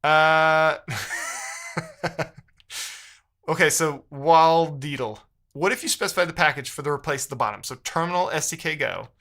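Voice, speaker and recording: Guy streaming his coding session, fed up and grumbling, reads chat out loud, bright edgy tone. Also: fairly high pitch, moderate pace, pauses often. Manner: exasperated, muttering to himself. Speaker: live streamer. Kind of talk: live coding stream, reading chat aloud.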